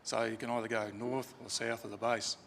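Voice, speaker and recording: Gravelly man telling a story. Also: medium pitch, little pitch movement, fairly quick, fairly bright tone, slight background noise. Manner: chatty anecdotal, with fillers and restarts. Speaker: funeral eulogy speaker. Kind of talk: informal storytelling eulogy. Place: crematorium chapel. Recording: reverberant chapel, faint ambience.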